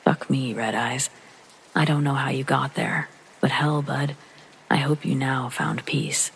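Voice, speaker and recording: A man narrating a first-person horror story in a calm, low-key reading that often sinks to a soft whisper, with rain behind him. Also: unhurried, vocal fry, slight background noise, low-quality recording. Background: rain sounds.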